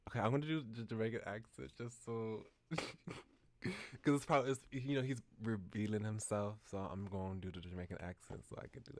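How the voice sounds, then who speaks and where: A man's voice: lowish voice, steady tone, a little fast, a little hiss or hum. A young man streamer reading a visual novel aloud with live commentary, giggly and easily flustered.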